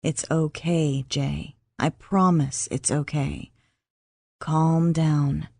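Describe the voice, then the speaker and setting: A woman voicing a gentle young man who soothes and calms in a low, soft voice. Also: unhurried, no echo, studio quality. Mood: soothing.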